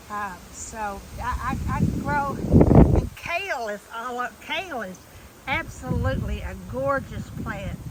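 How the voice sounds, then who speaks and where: A woman's voice: on the high side, very noisy. A woman giving a rambling, chatty walk-through of her garden outdoors, restarting her sentences often. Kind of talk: casual walk-through tour.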